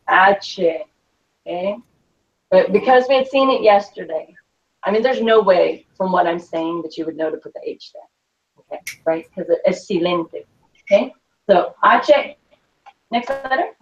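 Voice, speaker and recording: A woman teaching a Spanish class, slowly dictating words and spelling them out letter by letter, with patient repetition. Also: medium pitch. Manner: slow, patient, repeats each word and letter. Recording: distant, dull lo-fi classroom recording.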